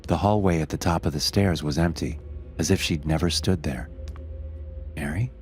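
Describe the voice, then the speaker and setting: A man narrates a horror story in a steady, measured manner. His voice is extremely deep, and soft music sits quietly underneath.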